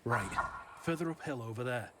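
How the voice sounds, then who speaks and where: A man's voice: mid-range voice, lively intonation, normal speed, lightly acted. Guy doing a chill game companion voice, far off, lots of noise behind. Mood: calm. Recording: distant game audio under loud background sound.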